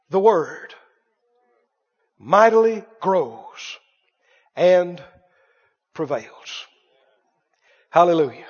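A man preaching a sermon as pastor, emphatic and repetitive, swinging between loud bursts and quiet asides. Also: sits high, lively intonation, measured pace, long pauses. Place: church sanctuary. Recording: muffled church recording with long reverb.

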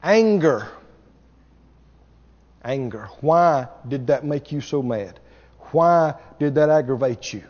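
A man's voice: medium pitch, lively intonation, takes it slowly, long pauses, darkish tone. A man pastor preaching a sermon, emphatic and repetitive, throwing rhetorical questions at the congregation. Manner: emphatic, repeats key words, asks rhetorical questions. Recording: dull recording with long hall reverb.

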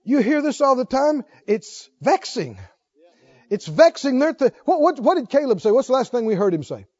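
High-voiced preacher, lively and calling out. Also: male voice, fast talker, highs cut off. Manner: calls out questions to the congregation, reads scripture aloud with rising fervor. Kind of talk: sermon.

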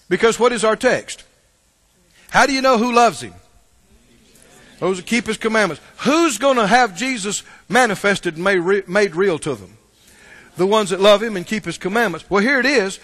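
A pastor with a high, bright, forceful voice preaches to his church congregation. He's emphatic and repetitive, pulling call-and-response from the room, and a long hall reverb hangs on the recording.

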